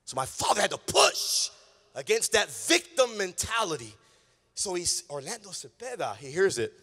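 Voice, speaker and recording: A man preaching a sermon as pastor in a church, telling a story with swings from hushed tones to shouting. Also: high-pitched, big pitch swings, moderate pace, husky. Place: church sanctuary. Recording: long reverb of a large hall.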